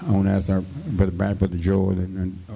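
Male pastor, deep mellow voice, fervent radio sermon full of hallelujahs. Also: little pitch movement, a little fast, gravelly, breathy edge. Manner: fervent, punctuated with constant hallelujahs and thank-you-Jesus.

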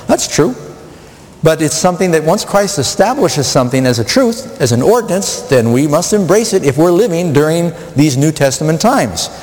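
Lively preaching man in a reverberant studio. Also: fairly high pitch, fairly quick. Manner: rhetorical questions, emphatic preaching. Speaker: pastor. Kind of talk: sermon. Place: studio with audience.

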